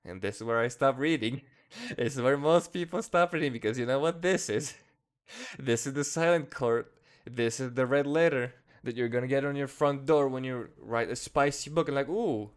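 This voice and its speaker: A man giving an angry commentary rant as an online reviewer, heated and profane with bitter laughs. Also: mid-range voice.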